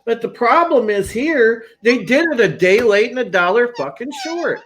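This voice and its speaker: A man's voice: extremely high pitch, lively intonation, moderate pace, fairly bright tone, slight background noise. A man co-hosting a live movie review, blunt and profane as he agrees and complains. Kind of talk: heated live review chat.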